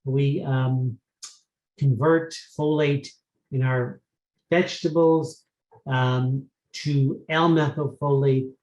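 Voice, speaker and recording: A man giving an earnest clinical lecture on prevention, emphatic and pausing on fillers as he goes. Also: mid-range voice, fairly even intonation, darkish tone, muffled recording. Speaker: psychiatrist lecturer. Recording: echoey room.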